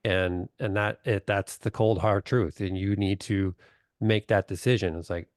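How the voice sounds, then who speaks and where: A middle-aged man on a video call who talks bluntly and plainly. His voice sits low and the sound is dry and close. He tells stories and acts out the voices of the people in them. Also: fairly even intonation, unhurried, no room sound. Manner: blunt, storytelling, acts out quotes. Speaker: doctor, webinar guest. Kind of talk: casual chat.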